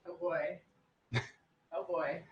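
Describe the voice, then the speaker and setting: A woman's voice: fairly low pitch, little pitch movement, slow pace, dull audio. A woman co-hosting a live chat, reading viewer comments aloud and giggling often. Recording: echoey, distant, faint background noise.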